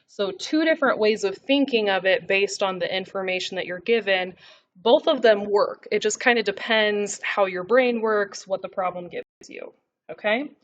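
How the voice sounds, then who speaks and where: A woman with a mid-range voice teaches a recorded math lesson, talking while she writes out her notes. She keeps checking in with students with a quick "okay?", and the recording is a little dull and lo-fi.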